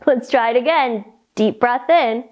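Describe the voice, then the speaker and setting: A woman reading a picture book aloud and leading children through yoga poses in a slow, sing-song, animated way. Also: on the high side. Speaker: kids' yoga teacher reading a story. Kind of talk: storytime yoga lesson for children.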